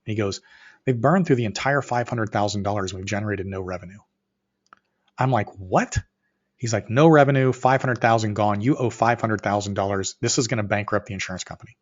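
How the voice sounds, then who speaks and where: A middle-aged man, an entrepreneur guest on a podcast, telling a story with energy and acting out both sides of the dialogue, sometimes rising to near shouts. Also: lowish voice. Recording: muffled, slightly lo-fi audio.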